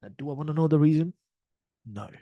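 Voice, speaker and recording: A man's voice: fairly high pitch, fast talker, dry recording, dull audio. A man talking casually as a trading mentor on a livestream, blunt and profane, acting out little quoted exchanges.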